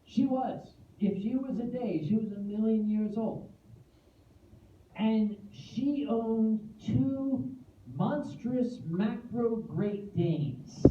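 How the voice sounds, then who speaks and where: A man giving a comic storytelling speech at a convention, animated and self-deprecating with playful asides. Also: high voice. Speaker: convention guest speaker. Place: convention hall. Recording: echoey hall, distant phone-like audio.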